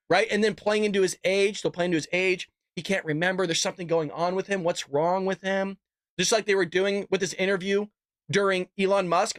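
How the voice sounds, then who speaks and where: A man's voice: high-pitched, fairly quick, a bit bright, no room sound, studio quality. A man hosting an unscripted political commentary livestream, talking in a fired-up, sarcastic rant. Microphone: desk microphone and camera.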